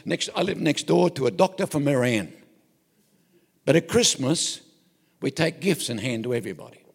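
An older Australian preacher tells homespun stories with jokes and frequent self-interruptions. His somewhat high voice is gravelly and husky and swoops up and down with energy. The sound rings with a long echo, as in a large hall. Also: expressive, moderate pace. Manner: folksy and joking, with self-interruptions. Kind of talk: anecdotal sermon.

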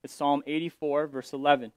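A man's voice: a little high, level tone, brisk, a little mellow, dry recording. A male pastor explaining scripture in a sermon, paraphrasing verses and often restarting his sentences.

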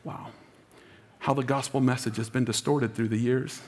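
A man's voice: medium pitch, fairly even intonation, normal speed, darkish tone, big-room sound, a little hiss or hum. A man preaching an Easter sermon as lead pastor, emotional and calling on the congregation to answer back. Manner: emotional, preaching with audience call-and-response.

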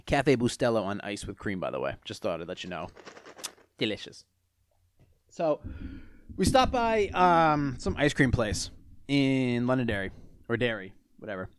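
A young adult man hosting a casual solo podcast, telling stories with profane, animated rants. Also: mid-range voice, moderate pace, pauses often, clean tone. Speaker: podcast host.

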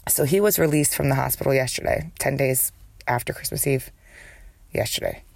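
Gravelly woman with a smoker's cough. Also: very deep voice, brisk, a little mellow, dry recording. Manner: rambling, profane, jumps between thoughts. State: has a cold and a smoker's cough. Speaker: podcast host. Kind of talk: candid solo podcast monologue.

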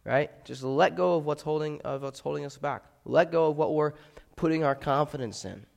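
A man's voice: a little high, normal speed, creaky. A man preaching a conversational sermon as a pastor, often checking in with "right?". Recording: echoey hall with long reverb.

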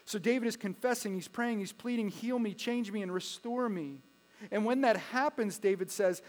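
A man preaching a sermon as pastor, dropping to hushed asides and rising to loud pleas. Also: sits high, moderate pace. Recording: long echo of a hall with mains hum.

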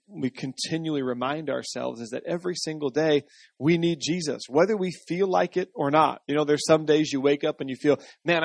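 A male pastor gives a conversational sermon, often asking the room for an answer. His voice sits somewhat high for a man. The recording is dry and close. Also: vocal fry, darkish tone, no room sound. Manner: conversational, asks the congregation for responses.

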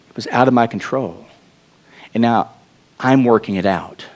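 Earnest Texan pastor preaching. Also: male voice, on the low side. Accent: Texas. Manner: earnest, conversational preaching with restarts and asides to the congregation. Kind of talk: sermon.

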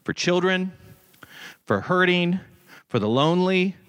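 A man preaching a sermon in an animated, conversational way, with dramatic scripture readings. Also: high-pitched, a little slow. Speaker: pastor.

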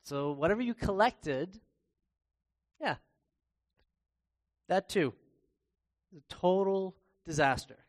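A man preaching a sermon in a conversational way, pausing and restarting as he reads scripture aloud. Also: sits high. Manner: bursts into loud, excited acted-out exclamations.

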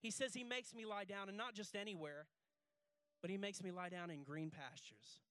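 High-voiced preacher, impassioned and building. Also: male voice, normal speed, fairly bright tone, smooth, dry recording. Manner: impassioned, building repetitive refrains; leads the congregation in call-and-response. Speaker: pastor. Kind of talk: sermon. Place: church service. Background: faint guitar music.

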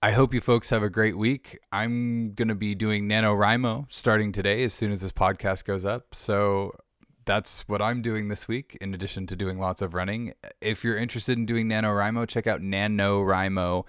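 Rambling, jokey podcast host. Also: male voice, fairly low pitch, fairly even intonation, moderate pace, fairly bright tone, clear, resonant tone, dry recording, studio quality. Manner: rambling, self-interrupting, jokey. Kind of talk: casual monologue. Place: recording studio.

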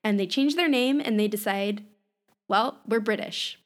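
A woman's voice: mid-range voice, unhurried. A woman co-hosting a casual history podcast, explaining at length with many fillers like "you know" and "like". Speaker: podcast co-host.

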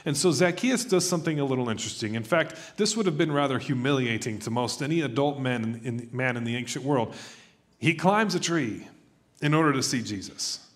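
A man preaching a sermon in a conversational, animated way, acting out quoted voices as he tells stories. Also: mid-range voice, brisk. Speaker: pastor.

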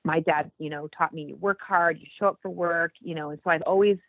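A woman guest telling a faith story in casual talk, acting out the quoted lines with animated jumps in her voice. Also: a little fast, no echo. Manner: animated, acts out quoted dialogue with big pitch jumps. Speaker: podcast guest. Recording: dry, tinny phone-like line.

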